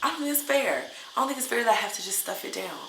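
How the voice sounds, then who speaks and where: A woman's voice: on the high side, expressive, fast, gravelly, noisy background. A woman teacher venting in a casual vlog, upset and full of hesitant fillers. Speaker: English teacher. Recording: roomy echo.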